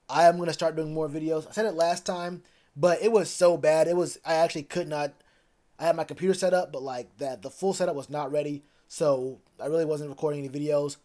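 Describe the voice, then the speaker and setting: A man's voice: fairly high pitch, a little mellow. A man chatting loosely on a live stream about football, rambling with plenty of fillers. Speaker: sports streamer. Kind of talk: casual live stream chat.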